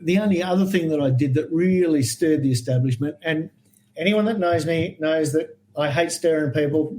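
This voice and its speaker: An Australian man telling animated stories as a guest in a podcast interview, acting out the voices of people he quotes. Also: a little high, a little hiss or hum, poor audio. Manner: animated anecdotal storyteller, acts out quoted voices. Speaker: guest herpetologist.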